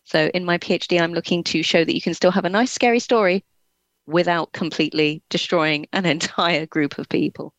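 A woman's voice: fairly low pitch, flat delivery, fairly quick, few pauses, a bit bright, no room sound, muffled recording. A young English woman with a slight Scottish touch in her accent, a guest author in a casual interview, chatty and laughing between words. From England.

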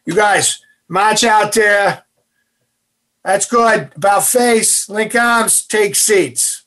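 A man voicing a harsh, mocking male drill instructor who gives loud, clipped commands. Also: high voice, extremely slow, pitched above the performer's own voice, full character voice. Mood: barking.

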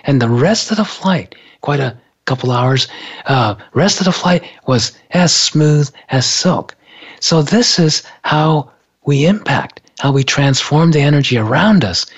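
A man telling a story in a relaxed, casual way, laughing often between thoughts. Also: fairly high pitch, measured pace, breathy edge. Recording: dull lo-fi sound.

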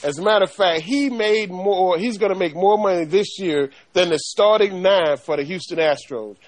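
A man's voice: high-pitched, normal speed. Emphatic Southern man talking sports. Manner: emphatic, folksy, repeats 'man'. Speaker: co-host. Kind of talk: sports radio talk.

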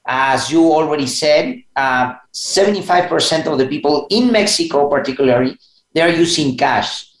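A man with a somewhat high voice speaks as a guest on a panel, his words coming measured and a little halting. The sound echoes, as if from a bare room. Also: lively intonation. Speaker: guest executive. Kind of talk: casual panel talk.

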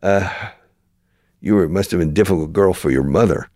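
A man hosting an interview, talking through language points by repeating example phrases with lively emphasis. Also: low-pitched, moderate pace, dry recording, studio quality. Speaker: show host and language school founder. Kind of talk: conversational interview.

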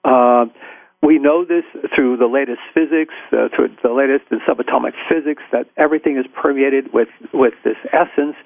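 A psychotherapist talking in an interview, telling reflective stories with many restarts and hesitations. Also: male voice, medium pitch, moderate pace, creaky, no echo. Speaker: psychotherapist guest. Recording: tinny phone-line sound.

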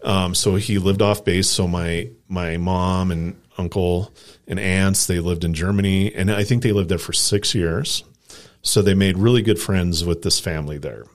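A low-pitched man in his forties from Colorado, USA, co-hosts a casual podcast and tells a story. Relaxed and chatty, he rambles from detail to detail, packing in "like" and quick impressions of what people said.

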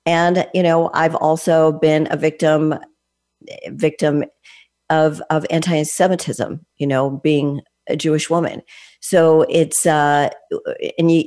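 A woman's voice: low-pitched, darkish tone. A woman in her late fifties, a fitness trainer, hosting an interview and talking in long, thoughtful, winding sentences with restarts. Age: 50s. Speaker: host. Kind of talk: conversational interview.

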